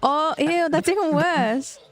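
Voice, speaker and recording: A woman's voice: high-pitched, slow. A young woman with an Australian accent, chatting casually and animatedly while gaming, giggling often and swearing freely. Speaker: streamer.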